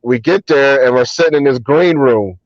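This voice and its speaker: A man, a hip hop artist and DJ, telling relaxed anecdotes as an interview guest, with many ums and restarts. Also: mid-range voice, normal speed, dry recording, highs cut off. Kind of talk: casual storytelling interview.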